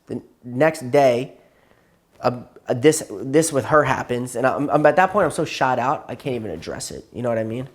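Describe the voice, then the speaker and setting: A man in a therapy session tells his therapist a long story, rambling and repeating himself, sounding tired and burnt out. His voice sits at medium pitch with lively intonation and a normal speed.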